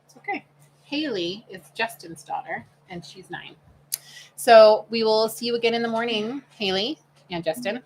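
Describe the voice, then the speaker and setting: A woman's voice: on the high side, moderate pace. Chatty woman reading viewer comments. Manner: reads viewer comments aloud in a chatty, motherly way. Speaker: livestream co-host. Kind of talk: casual livestream chat.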